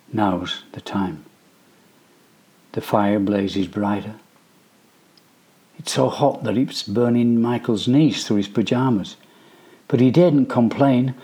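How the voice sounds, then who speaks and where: Hushed suspenseful male storyteller. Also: mid-range voice. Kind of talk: scripted narration.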